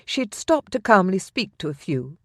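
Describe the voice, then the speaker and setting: A woman narrating a historical romance audiobook in a smooth, expressive storytelling manner. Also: mid-range voice, moderate pace, dry recording, studio quality.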